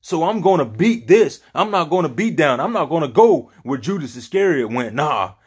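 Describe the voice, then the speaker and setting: A man's voice: on the high side, sing-song, normal speed, slightly rough, pitched above the performer's own voice. A man voicing a remorseful male apostle who agonizes over betraying his teacher and then resolves to overcome it. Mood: defiant, resolute.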